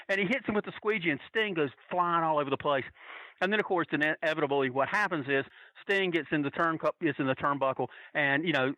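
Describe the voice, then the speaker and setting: A man from North Carolina casually telling a story as a podcast guest, animatedly acting out quotes in a higher voice. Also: fast talker, pushed and bright, dry recording, low-quality recording. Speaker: podcast guest, wrestling fan.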